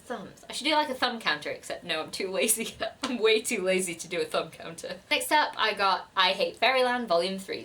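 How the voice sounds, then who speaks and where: A woman's voice: mid-range voice, a bit bright, a little hiss or hum. A young woman chatting casually as a book vlogger, giggly and gushing about her gifts. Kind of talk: casual chat.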